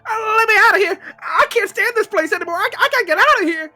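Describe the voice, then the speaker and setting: A woman's voice: very high-pitched, lively intonation, fast talker, sharp tone, soft background music, voice pushed up, exaggerated voice. A woman voicing a frightened student pleading to escape, reading a game aloud. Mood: scared. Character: scared student begging to get out.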